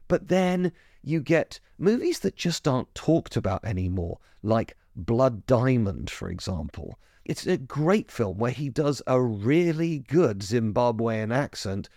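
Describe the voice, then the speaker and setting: A man hosting a podcast, talking through a film review in a chatty way, correcting himself as he goes, with his pitch jumping up when he gets keen. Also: sing-song, measured pace, darkish tone, no room sound, clean studio sound. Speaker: podcast host.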